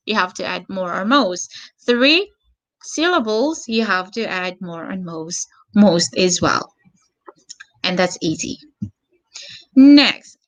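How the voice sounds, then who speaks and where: A woman teaching an online English grammar lesson, slow and patient, repeating words and spelling out endings. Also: mid-range voice, fairly bright tone.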